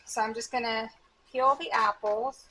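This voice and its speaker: A woman's voice: fairly high pitch, steady tone, unhurried, sharp tone, breathy edge. A woman in her forties hosting a home cooking vlog, chatting in a bubbly, rambling way and correcting herself as she goes.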